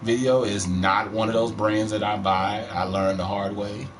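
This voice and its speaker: A middle-aged Texan man with a country accent streams a game from home, giving casual let's-play commentary. His lowish voice is flat and at normal speed, and he rambles in a laid-back, profane way.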